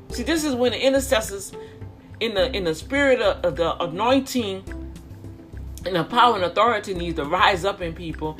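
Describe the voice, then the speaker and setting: A woman's voice: medium pitch, expressive, moderate pace, fairly bright tone, faint music behind. A middle-aged woman preaching informally and with fervor, repeating herself and calling out to her listeners. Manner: fervent, repetitive, with calls to the listeners.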